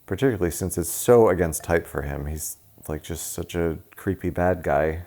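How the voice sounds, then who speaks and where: A man's voice: deep voice, normal speed, dark tone. A man co-hosting a casual movie-review podcast, talking with a dry, joking delivery. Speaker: podcast co-host.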